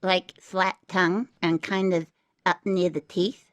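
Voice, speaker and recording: A woman's voice: fairly low pitch, little pitch movement, unhurried, no room sound. A woman, co-hosting a podcast and explaining mouth shapes in casual chat. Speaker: podcast co-host.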